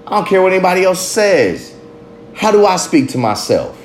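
A man's voice: high voice, sing-song, normal speed, a little hiss or hum. A father talking in a candid, confessional monologue, blunt and heavy with profanity. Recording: roomy echo.

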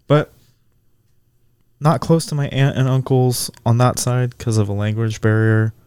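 Podcast co-host, man, dark mellow voice, dry close mic, thoughtful and easygoing. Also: medium pitch, unhurried, clear, resonant tone, no room sound. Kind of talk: casual podcast chat.

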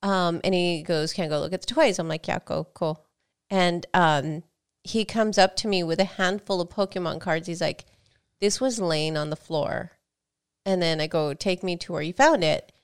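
A woman's voice: on the low side, normal speed, smooth. A woman co-hosting a gaming podcast, chatting casually and telling stories with quoted back-and-forth. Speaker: podcast co-host. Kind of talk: casual chat.

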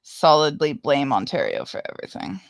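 Lively Scottish-accented woman. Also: deep voice, brisk, vocal fry. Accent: Scottish, slipping. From Scotland. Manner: playful, mock-threatening. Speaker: nurse, community admin. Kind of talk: casual chat.

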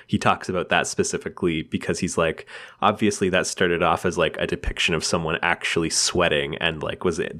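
Deep-voiced chatty man. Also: fairly bright tone. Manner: chatty, laughs often, many fillers. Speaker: podcast co-host. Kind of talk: casual chat about comics.

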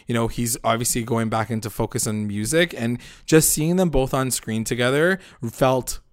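Animated man recapping a TV episode. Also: mid-range voice, normal speed, no echo, clean studio sound. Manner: animated, acts out characters' lines mid-story. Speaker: podcast co-host. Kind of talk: casual recap chat.

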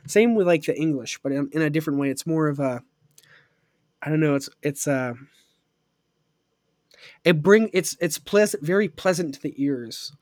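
A man's voice: a little high, animated, moderate pace, long pauses, darkish tone, dry recording, clean studio sound. A young man in his twenties hosting a podcast, chatting casually and enthusiastically with lots of fillers and rambling asides. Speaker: podcast host. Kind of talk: casual chat.

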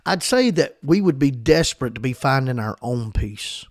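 A man's voice: mid-range voice, lively intonation, normal speed, dry recording, clean studio sound. A man preaching a sermon in a fervent, emphatic style, often repeating himself as he builds a point.

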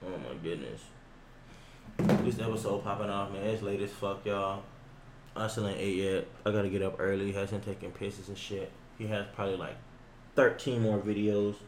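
A man's voice: on the low side, steady tone, moderate pace, echoey room, noisy background. A man co-hosting a podcast in casual reaction chat, laid-back and slangy, swearing often. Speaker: podcast co-host.

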